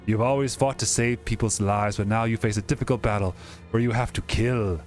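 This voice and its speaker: This young man's voice is fairly low, steady and darkish, and he speaks a little fast. He narrates a story game in a casual let's-play, reading with dramatic flair and stopping to joke while faint music plays behind him.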